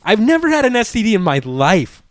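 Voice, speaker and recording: A man's voice: high-pitched, brisk, dry recording. Profane young man telling a story. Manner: animated, profane, heavy use of "like". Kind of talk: casual storytelling chat.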